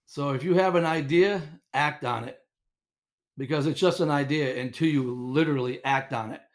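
A middle-aged man telling coaching stories as a podcast guest, animated and rambling with lots of restarts. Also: medium pitch, moderate pace. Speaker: guest, inventor and former coach. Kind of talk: casual storytelling interview.

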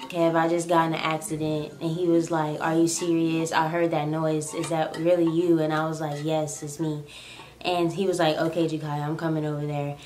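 A young woman vlogger telling a story in a casual, rambling, animated way. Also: fairly low pitch. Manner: chatty, rambling, animated retelling. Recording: echoey room.

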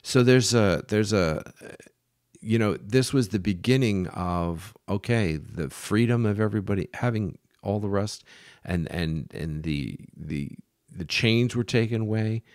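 Slow gravelly-voiced man telling history. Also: lowish voice, a little mellow, no echo, studio quality. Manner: unhurried, halting with many fillers and restarts. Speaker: podcast host. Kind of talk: storytelling history talk.

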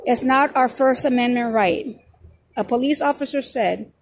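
A woman on a city street talking to her viewers as she films, sarcastic and ready to argue, with sharp rises in volume when she pushes back. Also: fairly high pitch, normal speed, husky. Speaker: filming auditor. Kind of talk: running commentary to viewers while filming.

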